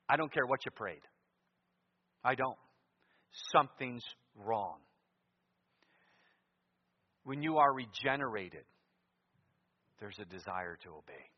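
A man preaching a sermon in a church, moving between loud emphatic lines and quiet asides. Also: mid-range voice, expressive, measured pace, long pauses. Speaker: pastor. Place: church sanctuary. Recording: muffled sound with long church reverb.

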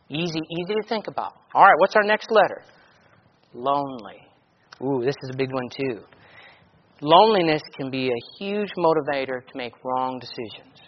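A male pastor preaches a sermon in an echoey hall, reading scripture with heavy emphasis before breaking into plain, conversational asides. His mid-range voice is animated at a moderate pace. The sound is dull and lo-fi, with slight background noise.

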